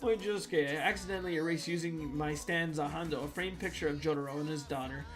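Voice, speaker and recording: A man streaming, reading viewer-submitted jokes aloud with a loud, goofy, joking delivery. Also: fairly high pitch, steady tone, fast. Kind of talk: comedic reading on a livestream. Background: music playing.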